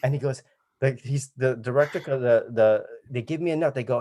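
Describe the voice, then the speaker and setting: A man telling a comic anecdote on a virtual show, animated, acting out voices and laughing as he goes. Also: mid-range voice, brisk. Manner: animated, acts out voices and laughs mid-story. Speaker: comedian guest. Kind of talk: storytelling anecdote. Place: home video call.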